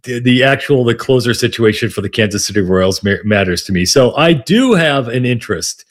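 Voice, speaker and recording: A man holds forth on sports radio in a loose, rambling way. He circles back on himself, joking at his own expense, in a voice of ordinary middle pitch. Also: animated, a little fast. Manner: rambling, self-deprecating, many restarts. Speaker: radio sports talk host. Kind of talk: casual sports radio chat.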